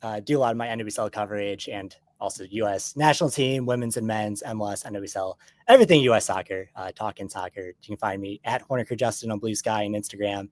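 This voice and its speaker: A man's voice: on the low side, fast, hardly any pauses, no echo. A man guest on a soccer talk stream, speaking casually with lots of fillers. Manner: relaxed, filler-heavy. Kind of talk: casual chat.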